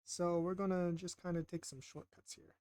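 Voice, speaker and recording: A man's voice: high-pitched, level tone, normal speed, darkish tone, clear, resonant tone, no echo, studio quality. A man casually narrating while he draws, rambling and self-deprecating, often stammering and repeating himself. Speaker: art vlogger.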